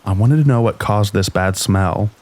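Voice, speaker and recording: A man with a deep voice reading scary stories in a slow, even storytelling manner. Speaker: narrator. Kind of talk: scripted narration of scary stories.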